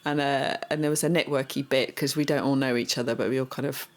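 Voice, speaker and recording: A woman co-hosting a podcast, chatting about politics in an animated, exasperated way, asking questions and laughing often. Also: very deep voice, fast. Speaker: podcast co-host. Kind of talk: casual political chat.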